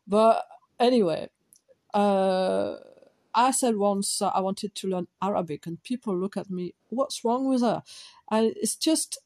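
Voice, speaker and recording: French woman, English as second language, warm darker voice, rambling self-deprecating solo podcast talk. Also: medium pitch, unhurried. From France. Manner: digressive, self-deprecating, thinking aloud. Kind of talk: casual rambling monologue.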